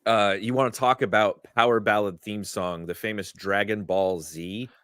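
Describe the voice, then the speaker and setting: A man co-hosting a casual podcast chat, relaxed and joking. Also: fairly low pitch, normal speed, no echo, studio quality. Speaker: podcast co-host.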